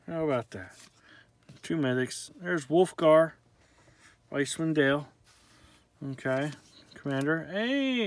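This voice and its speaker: A man's voice: on the high side, no room sound. A man opening trading card packs, calling out each card's name in casual commentary with joking, self-deprecating asides. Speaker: card pack opener.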